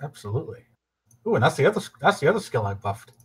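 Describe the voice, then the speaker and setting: A man's voice: on the high side, fast talker, husky. A man playing a tabletop game, joking with the table. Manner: joking, animated. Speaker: player. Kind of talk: casual tabletop play.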